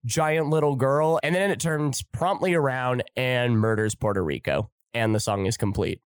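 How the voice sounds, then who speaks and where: A man's voice: medium pitch, moderate pace, noisy background. A man hosting a podcast, delivering a sarcastic, flippant, profane comedic monologue. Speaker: podcast host.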